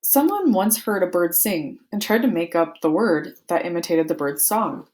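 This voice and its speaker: A woman's voice: lowish voice, expressive, moderate pace, a little mellow. A woman reading a children's book aloud, playfully acting out the sound words. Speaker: book reader.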